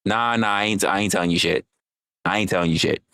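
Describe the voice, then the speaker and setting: An American man chatting casually on his livestream, animated and rambling, swearing freely and teasing his chat. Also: low voice, fast, clean tone, no echo. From United States. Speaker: livestream host.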